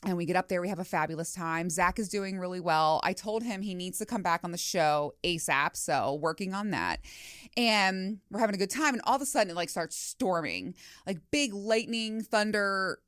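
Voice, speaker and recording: Middle-aged woman podcast host, low-ish voice, dry close sound, chatty storyteller who swears and acts out asides. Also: moderate pace, a bit bright, smooth, no room sound. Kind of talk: casual solo podcast chat. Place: home studio.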